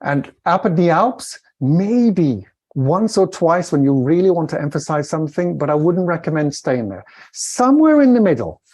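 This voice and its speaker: A middle-aged Welsh man, a communication coach on a podcast, talking expressively and demonstrating inflection with swings in pitch. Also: normal speed, darkish tone. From Wales. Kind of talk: podcast interview.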